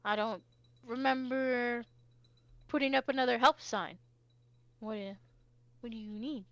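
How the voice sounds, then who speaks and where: A man's voice: very high voice, fairly even intonation, unhurried, fairly bright tone, no echo, highs cut off, heavily acted. A woman voicing a grumpy, mumbling old male wizard. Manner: grumbling, mumbling, dismissive.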